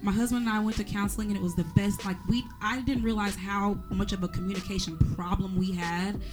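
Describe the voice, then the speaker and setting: A married woman in a casual group conversation, telling stories with lively acted-out dialogue. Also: mid-range voice, fast talker, soft background music. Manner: animated storyteller, acts out quoted dialogue.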